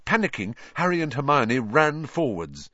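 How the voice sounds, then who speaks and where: A man narrating an audiobook in a lively, dramatic reading style, putting on character voices. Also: mid-range voice, normal speed, dry recording, highs cut off.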